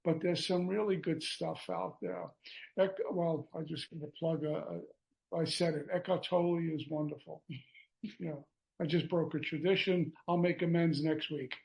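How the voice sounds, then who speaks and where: A man, sharing at a recovery meeting over an online call. He talks in a relaxed, rambling way with fillers and self-mocking jokes. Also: a little high, normal speed, vocal fry, poor audio. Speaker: guest speaker.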